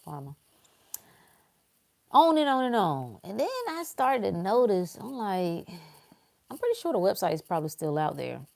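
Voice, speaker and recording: A woman, talking bluntly in a casual spiritual talk, swinging between loud emphasis and hushed asides. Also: on the low side, vocal fry.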